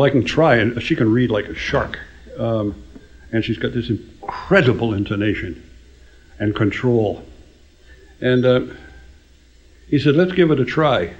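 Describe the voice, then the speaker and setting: An older man spins showbiz anecdotes in a dry, wry storytelling manner, often chuckling at his own punchlines. His voice sits at an everyday middle pitch. The recording sounds a little dull and lo-fi. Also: darkish tone. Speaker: songwriter telling stories. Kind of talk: casual anecdote telling.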